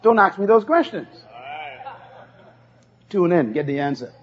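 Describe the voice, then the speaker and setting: Emphatic preacher with a high, lively voice. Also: male voice, a little slow, a little hiss or hum. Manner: emphatic call-and-response preaching. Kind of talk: sermon. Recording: dull lo-fi sermon tape.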